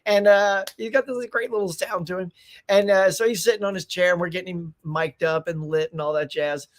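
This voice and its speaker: A man's voice: high-pitched, steady tone, a little fast. A middle-aged man hosting a casual morning livestream, chatty and upbeat, greeting viewers by name with frequent laughs and restarts. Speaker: livestream host.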